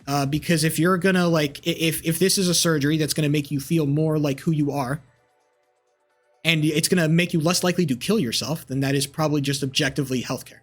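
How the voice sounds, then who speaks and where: A man's voice: fairly high pitch, fairly even intonation, brisk, soft background music. A man streaming live, ranting combatively and profanely as he argues with chat. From United States. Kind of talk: live-stream political rant.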